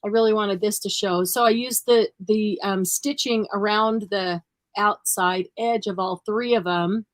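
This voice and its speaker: A woman's voice: mid-range voice, steady tone, a little slow, no room sound, poor audio. A woman co-hosting a crafting livestream, chatting casually and laughing often as she works. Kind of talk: casual chat while crafting.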